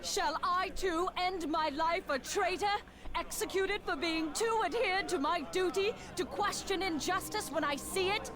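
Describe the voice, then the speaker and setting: Bitter grieving paladin woman, high voice. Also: measured pace. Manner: solemn, bitter, questioning. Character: grieving angry female paladin of justice. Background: game music.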